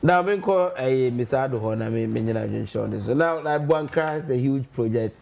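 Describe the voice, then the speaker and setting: A man with a Ghanaian accent hosting a political talk show, moving between Twi and English in a measured way. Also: medium pitch, lively intonation, vocal fry, darkish tone. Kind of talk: radio-TV political discussion.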